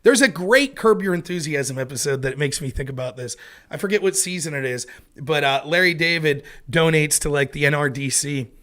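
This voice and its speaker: A man's voice: on the high side, brisk, fairly bright tone. Rambling, profane man in his thirties. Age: 30s. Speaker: host. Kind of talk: casual commentary monologue.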